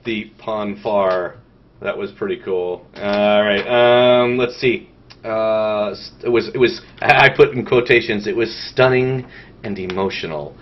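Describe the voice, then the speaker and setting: A man co-hosting a casual gaming podcast, rambling and animated, swearing often and stalling with fillers. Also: fairly low pitch, a little slow. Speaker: podcast host. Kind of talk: casual chat. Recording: dull lo-fi sound with faint noise.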